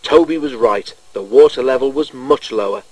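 Husky man reading a storybook. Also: medium pitch, moderate pace, darkish tone, dry recording, rough recording. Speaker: narrator.

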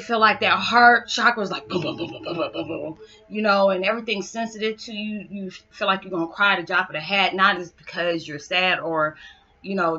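Young woman, spiritual vlogger: tense, bright tone, emotional and rambling, lo-fi sound. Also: mid-range voice. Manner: emotional, hyper, rambling encouragement. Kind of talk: heartfelt motivational talk to viewers. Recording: slightly dull lo-fi sound with faint background music.

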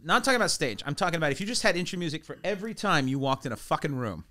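A man's voice: on the high side, big pitch swings, rapid-fire, pushed and bright. A man hosting a comedy podcast in a studio, joking loosely, cracking up and breaking into silly voices. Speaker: podcast host. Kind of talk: casual comedy chat. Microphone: studio mic.

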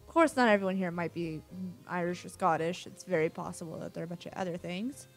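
A woman's voice: fairly low pitch, quick pace, faint music behind. A woman giving casual let's-play commentary, rambling and thinking aloud as she plays. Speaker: gamer.

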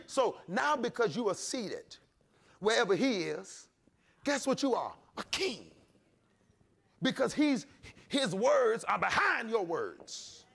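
A male pastor preaching a sermon, shouting and calling on the congregation to answer back. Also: sits high, very animated, slow, creaky, slightly rough. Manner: preaching with shouts and call-and-response.

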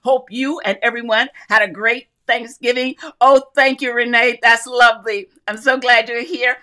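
A woman's voice: a little high, fairly even intonation, moderate pace, sharp tone. A woman hosting a casual live craft stream, greeting viewers by name and reading their comments aloud in a chatty, upbeat way with frequent laughs.

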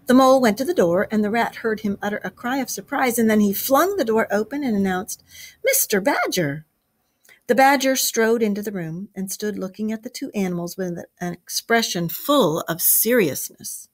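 A woman teacher reading a storybook aloud to a class, expressive, with chatty asides. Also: medium pitch, normal speed, hardly any pauses.

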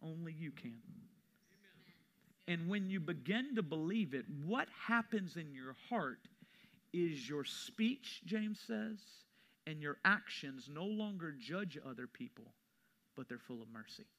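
Pastor guy preaching sunday, bright kinda high voice, tells stories then gets loud and emphatic. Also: expressive, a little slow. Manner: conversational storytelling, rising to emphatic preaching. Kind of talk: sermon. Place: church sanctuary.

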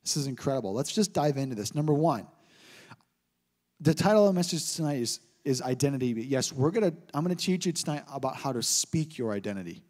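A pastor in his thirties preaches a sermon, teaching through jokes and stories in an animated way. His mid-range voice moves a little fast, and the hall gives it a long reverb.

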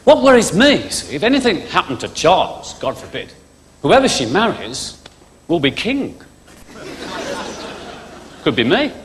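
A man's voice: on the high side, huge pitch swings, measured pace, long pauses, a little hiss or hum. A male stand-up comedian, chatting cheekily to a live theatre audience, lapsing into mock voices for jokes. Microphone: stage microphone. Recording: live theatre recording with hall echo and loud audience. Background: audience laughter.

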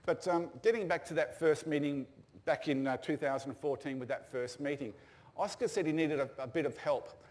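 A man's voice: on the high side, moderate pace, a little mellow. An older man, telling stories casually with fillers and restarts. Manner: casual anecdotal storytelling with fillers. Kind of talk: storytelling talk.

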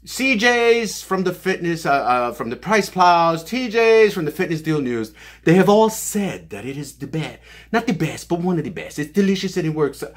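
A young man reviewing a fitness supplement in a brash, profane, hyper way, out of breath and hot, joking and shouting often. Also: a little high, big pitch swings, normal speed. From New Jersey. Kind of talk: loud joking product review vlog. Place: basement room.

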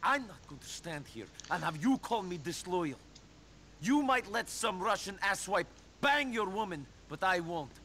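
An actor playing a grim, hardened fighter who speaks bluntly and coldly, in a video game. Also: male voice, high-pitched, sing-song, normal speed, bright, forceful tone, slight background noise, full character voice. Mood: angry. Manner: blunt, cold, clipped.

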